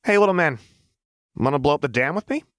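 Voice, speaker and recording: A man's voice: fairly low pitch, animated, a little fast, a bit bright, dry recording, studio quality. A man voicing a manic, gleeful young woman who mocks and teases. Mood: gleeful, teasing. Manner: playful, mocking.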